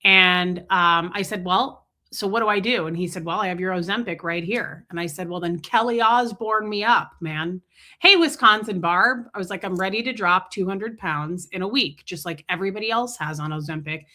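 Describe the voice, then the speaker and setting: A woman chats on her live stream, bright and a touch low in pitch. She tells a story in a joking, casual way, acting out both sides of a talk and stopping to greet viewers by name. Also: normal speed. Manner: chatty, jokey, greets viewers mid-story. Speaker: livestream host.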